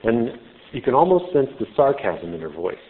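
A man's voice: mid-range voice, very animated, normal speed. A man preaching a conversational sermon, explaining a scripture story informally with casual asides. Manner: informal, explanatory, with "you know" fillers. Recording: tinny phone-like sound.

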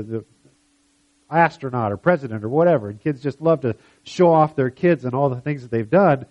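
A man's voice: medium pitch, lo-fi sound. Man giving casual Bible talk. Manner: conversational, retells scenes with quick quoted voices. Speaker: preacher. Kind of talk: informal Bible teaching.

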